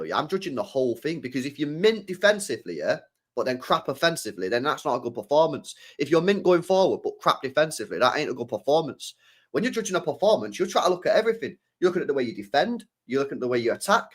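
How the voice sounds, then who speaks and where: A young man on a casual livestream, talking in an animated and slangy way. He repeats his points and tacks mate or bro onto his sentences, at a middling pitch. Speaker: football channel host. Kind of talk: casual livestream chat reading super chats.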